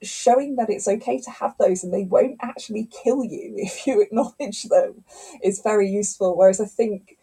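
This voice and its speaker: A middle-aged woman, a scientist and author, telling stories in a lively conversational interview. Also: medium pitch, normal speed, husky, rough recording. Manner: animated storyteller, acts out quotes.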